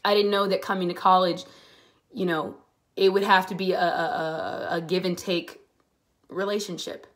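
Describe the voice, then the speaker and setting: A woman's voice: fairly low pitch, fairly even intonation. Earnest young woman talking straight to camera. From Pittsburgh area. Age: 20s. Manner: earnest, halting, grows heated and emphatic. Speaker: vlogger. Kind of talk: personal vlog monologue.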